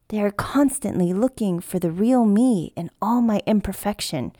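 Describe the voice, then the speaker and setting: A woman's voice: medium pitch, darkish tone, no room sound, clean studio sound. A woman in her thirties hosting a podcast, telling a candid personal story in an earnest, reflective way. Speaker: podcast host.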